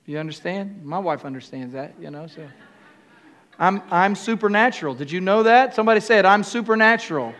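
High-voiced older man preaching. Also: animated, a bit bright. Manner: call-and-response with the congregation; halting, with restarts and fillers. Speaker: pastor. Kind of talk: sermon.

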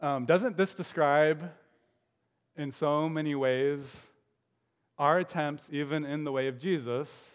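A man's voice: on the high side, slow pace, clear, resonant tone. A man preaching a sermon as pastor, musing aloud with rhetorical questions. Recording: long hall reverb.

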